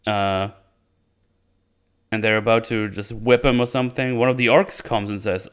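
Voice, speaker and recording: A man's voice: lowish voice, steady tone, moderate pace, long pauses, clean tone. A man giving casual spoken commentary as a reviewer, sarcastic and rambling, often breaking into laughter. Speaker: video reviewer.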